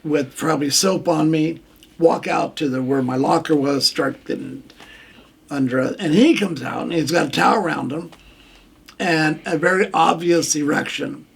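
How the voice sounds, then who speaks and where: Older man, radio guest, gravelly, plainspoken storyteller. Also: on the high side, moderate pace. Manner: plainspoken, acts out quoted lines. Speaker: guest, former referee. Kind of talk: candid storytelling.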